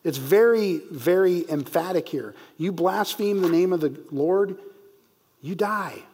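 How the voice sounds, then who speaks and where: Teaching a Bible passage one verse at a time, this man reads slowly and stresses important words. His voice sits high yet has a darkish, husky tone.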